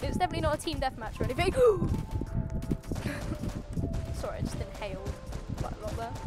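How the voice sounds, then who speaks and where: A woman hosting a gaming channel, giving excitable, playfully cocky commentary while she plays. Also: high-pitched, very fast. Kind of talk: live gameplay commentary. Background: loud game music and gunfire.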